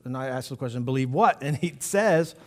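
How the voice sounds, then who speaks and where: A man preaching a sermon as pastor, animated and storytelling, acting out the people in his examples. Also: medium pitch, brisk. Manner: animated storytelling with acted-out voices.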